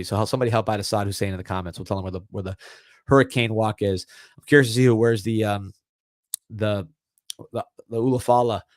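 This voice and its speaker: A middle-aged man hosts a live sports podcast in a relaxed, chatty way. His voice sits fairly low and he talks quickly, stumbling over repeated words now and then. The sound is close and dry, with no room around it. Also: no room sound. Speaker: podcast host. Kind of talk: casual live-stream sports chat.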